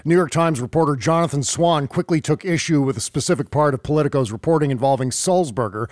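A man's voice: on the high side, fast talker, darkish tone, no room sound, studio quality. A man hosting a podcast, reading out news stories in a casual conversational way. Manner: conversational, reads out news items with filler "uh"s. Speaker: podcast host.

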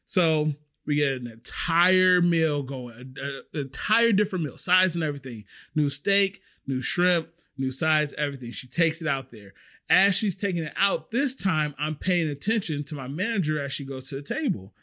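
Male podcast host, animated storyteller, pitch a touch on the high side. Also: normal speed. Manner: animated, acts out the voices of people in his stories. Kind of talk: casual storytelling.

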